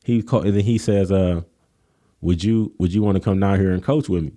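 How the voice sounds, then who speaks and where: A man's voice: sits low, brisk. A man who coaches college sports, telling stories in a casual interview and acting out what others said. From Kenosha, Wisconsin. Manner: animated storytelling, acts out quotes in a raised voice.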